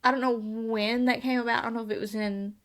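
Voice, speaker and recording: A woman's voice: on the high side, flat delivery, fast. A woman co-hosting a fan podcast in casual chat, rambling and often hedging about what she is unsure of. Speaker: podcast co-host.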